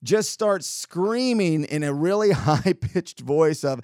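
A man hosting a show, telling a story in a sarcastic, animated way with quick asides. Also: a little high, no room sound, clean studio sound. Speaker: podcast host. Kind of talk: casual storytelling monologue.

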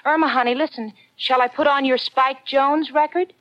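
A woman's voice: sits high, steady tone, normal speed, a bit bright, no room sound, highs cut off. An actress playing an anxious, doting young woman who also narrates, in a 1940s radio comedy. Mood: fretful. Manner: fretful, doting.

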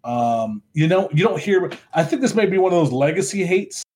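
A man co-hosting a casual podcast chat over drinks, animated, laughing often and trailing off with ums. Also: a little high, moderate pace. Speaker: podcast co-host.

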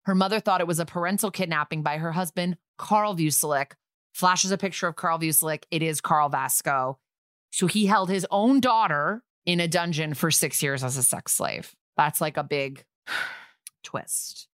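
A woman with a fairly low voice chats through a TV episode recap as a podcast co-host. She puts on playful voices for the lines she quotes. The sound is dry and close, with no room around it. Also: normal speed, a bit bright, no room sound. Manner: chatty, acts out quoted lines in funny voices. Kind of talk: casual recap chat.

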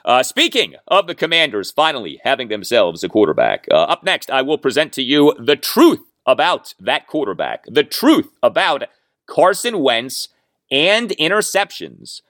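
A man hosts a sports podcast in a lively, swooping voice, wry and sarcastic. The sound is dry and close, with no room around it. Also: medium pitch, normal speed, no echo. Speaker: podcast host.

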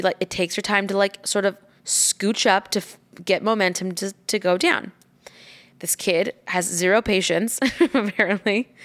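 A woman tells a story in relaxed conversation, animated and quick to swear as she acts out quoted lines. Her voice sits at a middle pitch for a woman. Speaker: mother telling a story. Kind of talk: casual storytelling chat.

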